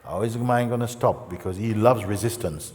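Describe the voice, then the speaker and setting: A man giving a gentle, conversational spiritual talk in a large hall, acting out the people he quotes. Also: fairly low pitch, fairly quick. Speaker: spiritual teacher. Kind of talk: satsang talk. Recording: reverberant hall.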